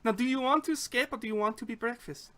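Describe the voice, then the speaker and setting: A man voicing a disguised shapeshifting woman who gives hushed, commanding orders in a tabletop game. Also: very high-pitched, quick pace, voice pushed up. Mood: hushed urgent.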